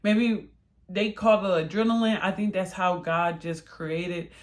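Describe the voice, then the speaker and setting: A woman telling a personal story in a chatty, animated way, laughing often and acting out quoted lines in a higher voice. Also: a little slow. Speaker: vlogger.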